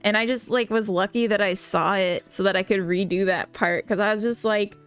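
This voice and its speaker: A woman's voice: medium pitch, fairly even intonation, a little fast, clear, resonant tone, faint music behind. A Minnesotan woman chatting casually with viewers on a live stream, rambling and giggling often. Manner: giggly, rambling, full of fillers. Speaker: live-streaming game developer.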